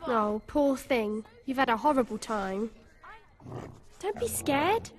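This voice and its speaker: A gentle young girl in a video game, high-pitched and lively, coaxing and caring as she talks. Faint game music hums beneath her. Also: slow pace. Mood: tender. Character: kind, gentle young girl, the hero's sister.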